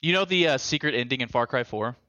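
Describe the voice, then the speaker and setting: A man co-hosting a casual chat, telling rambling, animated stories and overthinking things aloud. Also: medium pitch, quick pace, dry recording, dull audio.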